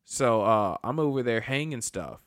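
A young man co-hosting a podcast, telling stories in loose casual chat. He acts out the people in them with sudden leaps in pitch and quick laughs. The recording is dry and close. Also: dry recording. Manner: animated storyteller, acts out voices with big pitch jumps and laughs. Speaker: podcast co-host.

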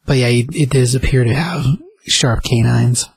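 A man chatting casually about comic books, relaxed and quick to laugh and agree. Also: medium pitch, creaky, breathy edge, dry recording. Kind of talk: casual comic book discussion podcast.

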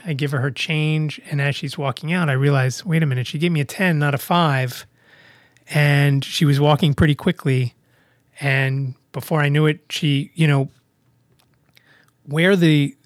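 A man with a fairly high voice tells a story on his podcast, acting out each side of the exchange with lively shifts. He has a middle-aged sound, and the recording is close and dry, with no room echo. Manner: animated, acts out both sides of dialogue. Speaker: podcast host. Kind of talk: casual storytelling monologue.

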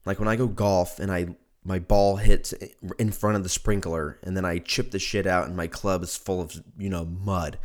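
Hoarse, profane man ranting casually. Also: deep voice, fairly even intonation, normal speed. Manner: profane, joking, riffs with laughter. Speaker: podcast host. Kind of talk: casual podcast rant.

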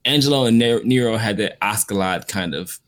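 A man with a fairly low voice talks through an anime series in a loose, rambling way. He leans on filler words as he works out his opinions in casual podcast chat. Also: a little fast. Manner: relaxed, rambling, frequent "like" fillers. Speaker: co-host reviewing an anime series.

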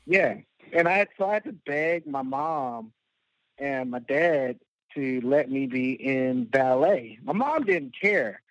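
A man's voice: medium pitch, lively intonation, takes it slowly, dry recording. A man telling a long, rambling personal story as a guest, full of fillers and laughing at himself. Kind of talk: casual storytelling. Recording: dull lo-fi dry sound.

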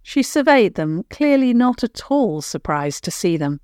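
Woman reading a kids' bedtime story, real slow and calm, lowish voice, dry close mic. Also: smooth, dry recording. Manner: slow, soothing, unhurried.

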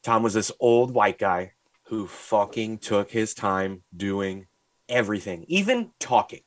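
A young man co-hosting a podcast, swearing freely and telling animated rants full of mimicked voices. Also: on the low side, measured pace, no echo. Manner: profane, animated storytelling; rants and mimics people in stories. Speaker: podcast co-host. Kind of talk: casual chat.

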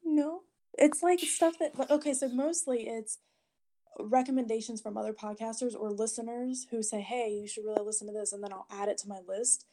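A woman's voice: fairly high pitch, steady tone, brisk, warm tone. A woman podcast host in casual chat, bubbly, laughing often and swearing freely.

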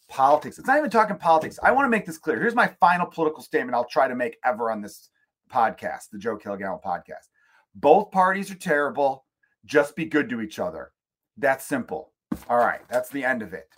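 A man's voice: medium pitch, fairly bright tone. A middle-aged man hosting his podcast from home, ranting in a loose, rambling, profane way. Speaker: podcast host. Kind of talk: casual ranting monologue.

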